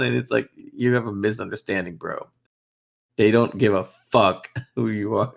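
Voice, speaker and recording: A young man co-hosting a podcast in casual chat, animated, swearing a lot and laughing often. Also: on the low side, moderate pace, creaky. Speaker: podcast co-host.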